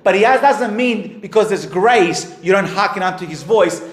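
A man preaching a sermon as pastor, emphatic, his voice rising and falling in pitch and volume. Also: expressive, moderate pace. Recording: echoey hall.

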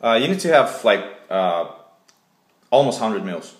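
A man with a Russian accent hosting a deadpan comedy recipe video, hesitating often with fillers. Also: on the low side, unhurried, a little hiss or hum. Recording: echoey room.

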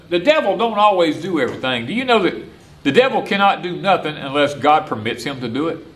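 Older Southern man with a lively voice, folksy porch preaching, outdoors. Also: fairly high pitch, fairly quick. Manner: folksy, repetitive, animated. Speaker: homesteader and former preacher. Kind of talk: porch-side preaching talk.

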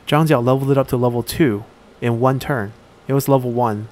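A man giving casual let's-play commentary while he plays a strategy game, thinking aloud and pausing often on fillers. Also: medium pitch, darkish tone. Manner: thinks aloud, halting with frequent "uh".

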